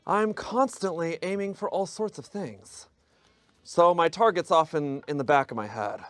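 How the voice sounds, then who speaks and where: A man playing a passive-aggressive assassin in a deadpan, mock-menacing drawl, in an improvised comedy game. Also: fairly high pitch, normal speed, no room sound, pitched below the performer's own voice, close to an everyday voice. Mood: smug. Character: passive-aggressive male assassin called the Shadow. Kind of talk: improvised comedic role-play.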